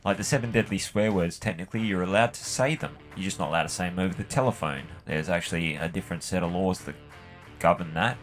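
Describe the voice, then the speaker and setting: Australian male gaming host, lowish voice, casual sweary rambling stories. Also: quick pace, soft background music. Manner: rambling, sweary, full of "like" and "you know". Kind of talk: casual storytelling while playing a game.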